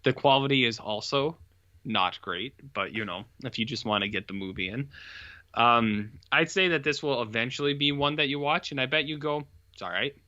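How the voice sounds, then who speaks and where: A man co-hosting a podcast, casually retelling a horror film in a rambling, animated way. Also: mid-range voice, moderate pace, dry recording, highs cut off. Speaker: podcast co-host reviewing horror films. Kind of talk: casual chat.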